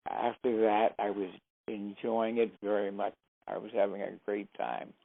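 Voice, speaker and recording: An older man with a deep, very gravelly voice tells lively stories as an interview guest and acts out each exchange. The sound is thin and phone-like, and it is dry, with no room echo. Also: moderate pace. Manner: lively storyteller who acts out the dialogue. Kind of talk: anecdotal storytelling.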